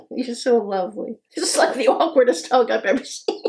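Gentle, reassuring woman with a higher voice. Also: unhurried. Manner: gentle, reassuring, laughs often. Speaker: co-host, older partner. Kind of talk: casual couple chat.

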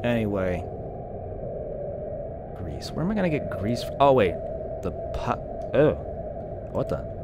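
Man, casual let's-play commentary, swears, laughs at himself, unhurried, lively pitch, hissy background. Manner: laughs at his own jokes, swears, thinks aloud. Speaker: gaming video host.

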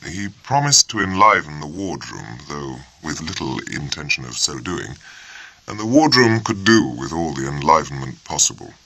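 A man narrating an audiobook in a measured, steady storytelling manner, close to the mic. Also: a bass voice, a little hiss or hum. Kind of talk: scripted narration.

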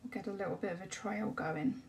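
A woman chatting casually during a livestream as she colours, often dropping to a soft murmur. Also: medium pitch, brisk, gravelly. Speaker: colouring channel host. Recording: distant mic with faint background hiss.

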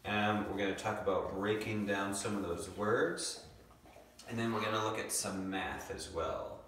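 A young man teaching a second grade lesson from home, patiently sounding out words slowly. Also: lowish voice, steady tone, a bit bright, slight background noise. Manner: patient, slow, stretches out words to sound them. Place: home room. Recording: echoey room, mic far off.

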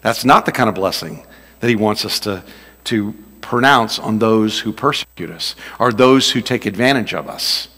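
A man's voice: fairly low pitch, animated, normal speed, bright, forceful tone, husky. A man preaching a sermon as pastor, joking and folksy as he tells stories. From Louisiana. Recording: long reverb of a large hall.

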